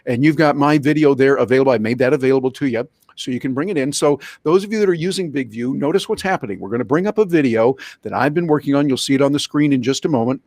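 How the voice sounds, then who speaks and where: A man presenting a live online workshop, talking in an animated, playful storytelling way over a video call. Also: medium pitch, fast talker, few pauses, dry recording. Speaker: guest presenter, professional speaker.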